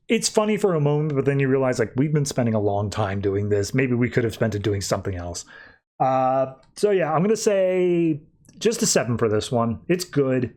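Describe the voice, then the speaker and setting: A man's voice: mid-range voice, animated, darkish tone. A man hosting a podcast, casually recapping comic issues in a loose, offhand way. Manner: recaps scenes loosely, tossing in quick offhand voices for characters. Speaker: podcast host.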